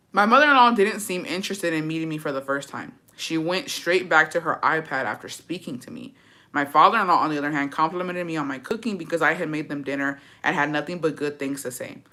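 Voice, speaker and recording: Brassy woman vlogger, bright edgy voice, swears freely, playful attitude toward her besties. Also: low-pitched. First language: English. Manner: brash, profane, sassy, talks to viewers as besties. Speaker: vlogger reacting to a story. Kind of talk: casual storytime chat.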